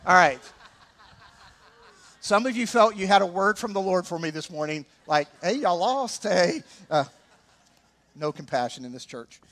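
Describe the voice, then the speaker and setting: A man with an Alabama Southern accent preaching a sermon as pastor, animated and throwing joking asides to the congregation. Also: high voice, normal speed, long pauses.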